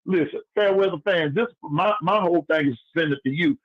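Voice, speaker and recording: A man calling in to a sports show, ranting loudly to fair-weather fans. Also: a little high, fairly quick. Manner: loud, fired-up preaching rant. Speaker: caller and chat moderator. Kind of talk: phone-in rant. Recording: dull lo-fi phone call.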